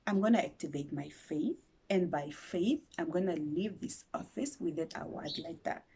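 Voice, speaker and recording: A woman in her twenties with a Namibian accent, telling a story to her vlog viewers in a dramatic, animated way. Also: fairly low pitch, moderate pace, husky. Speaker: YouTuber.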